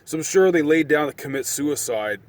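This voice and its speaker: A man's voice: fairly high pitch, moderate pace. A man in his thirties telling a long personal story to camera, rambling and swearing freely, getting worked up as he relives it. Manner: profane, rambling, excitable when reliving events. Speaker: storyteller vlogger. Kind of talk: casual storytelling monologue.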